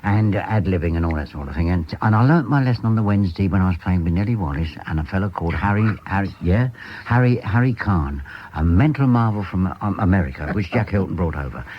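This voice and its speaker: Older man, radio host, husky voice, lively swooping pitch, anecdote teller, dull lo-fi broadcast sound. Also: quick pace. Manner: storyteller who acts out the voices in his jokes. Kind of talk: reminiscing chat with anecdotes.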